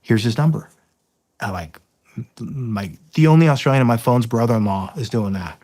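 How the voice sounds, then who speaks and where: A man from the United States, a Marine officer, tells a long story in a podcast interview, halting often with restarts and fillers and acting out the dialogue. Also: mid-range voice, animated, darkish tone.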